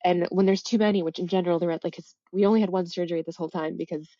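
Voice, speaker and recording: A woman in her thirties telling a personal story as a podcast guest, halting and reflective, full of "like" fillers and self-corrections. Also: on the low side, fairly even intonation, dark tone, dry recording, dull audio. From United States. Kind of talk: candid personal storytelling in a casual interview.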